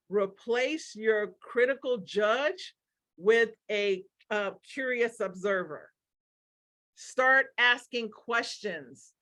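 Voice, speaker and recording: Energetic woman giving a motivational webinar. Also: fairly high pitch. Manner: energetic and emphatic, acting out quoted remarks in exaggerated voices; repeats key phrases, with frequent "right?" asides. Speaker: webinar presenter.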